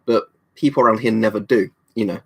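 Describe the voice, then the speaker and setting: A British livestream host from the United Kingdom chats with viewers, reading out their comments and rambling with many ums and restarts. His voice is fairly low, fairly quick, gravelly, a bit bright, and slightly rough.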